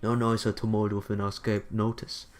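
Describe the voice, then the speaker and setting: A man's voice: on the low side, monotone, normal speed, close to an everyday voice. A man voicing an imperious ancient emperor who speaks of himself in the royal we. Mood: cold. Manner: haughty, cold.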